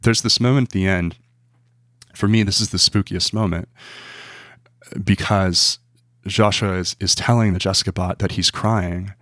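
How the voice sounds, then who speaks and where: A man's voice: low voice, fairly even intonation, normal speed, a bit bright, dry recording, studio quality. A man, a journalist guest in an interview, speaking thoughtfully and repeating words as he searches for them. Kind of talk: interview conversation.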